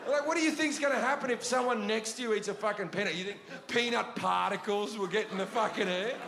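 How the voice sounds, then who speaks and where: Ranting comedian live on stage. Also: male voice, sits high, fast, gravelly. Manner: profane, blunt, ranting storytelling. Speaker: stand-up comedian. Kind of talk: stand-up comedy routine. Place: large venue before a laughing audience. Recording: live show in a reverberant hall with audience noise.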